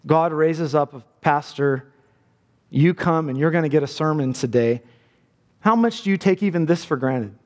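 A man's voice: on the high side, normal speed, a little mellow. A male pastor preaching a sermon in a church, earnest and building to fervent emphasis. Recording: long reverb of a large hall.

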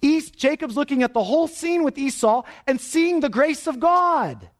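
A man's voice: lively intonation, normal speed. A man preaching an expository sermon, asking the congregation questions and swinging his delivery for emphasis. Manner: dramatic swings in pitch and pace for emphasis; asks the audience questions.

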